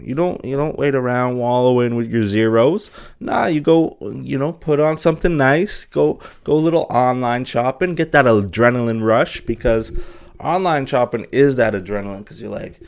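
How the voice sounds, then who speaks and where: A man's voice: medium pitch, moderate pace, darkish tone, smooth. A young man hosting a solo podcast, chatting casually in a rambling, jokey way with many fillers and restarts. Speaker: podcast host.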